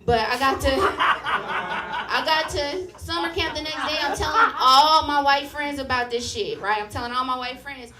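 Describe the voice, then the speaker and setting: A young woman performing a stand-up set, telling a story with animated, profane delivery and acted-out voices. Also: sits high, normal speed, reverberant, distant mic, crowd noise. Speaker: stand-up comedian. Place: comedy club stage with live audience.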